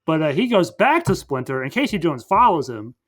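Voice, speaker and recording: A man's voice: fairly high pitch, sing-song, fairly quick. A man hosting a podcast, casually recapping a movie in a rambling way full of fillers. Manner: rambling, filler-heavy retelling. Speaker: podcast host.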